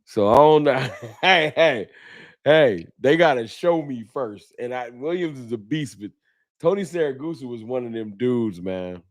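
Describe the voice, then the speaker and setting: A man's voice: mid-range voice, animated, unhurried. A man hosting a casual sports fan livestream, talking loose and slangy as he reads out viewer donations. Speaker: fan talk show host.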